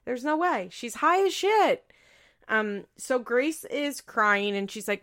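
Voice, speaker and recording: A woman's voice: fairly high pitch, sing-song, slow, fairly bright tone. A woman giving casual commentary as a podcaster, blunt and profane, with frequent "like" fillers. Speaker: reality TV recap podcaster.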